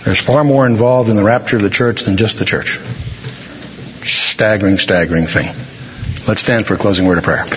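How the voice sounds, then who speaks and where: A man preaching a sermon, telling a story and slowing down dramatically for emphasis. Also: lowish voice, a bit bright, slight background noise. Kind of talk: sermon with a told joke. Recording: dull, reverberant hall recording.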